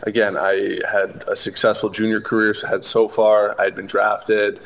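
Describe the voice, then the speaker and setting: A young man speaks as a guest in a sit-down interview, his voice low and fairly monotone. He talks earnestly, circling back and restarting his sentences with frequent fillers. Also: normal speed, gravelly. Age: young adult. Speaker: interview guest, hockey player. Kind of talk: conversational interview.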